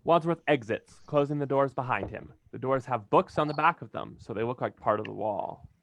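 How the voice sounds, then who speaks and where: A man's voice: mid-range voice, fairly quick, creaky, fairly bright tone, a little hiss or hum. A man reading stage directions aloud in a plain, straightforward way, sometimes stumbling over a word. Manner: plain, occasionally stumbling and laughing.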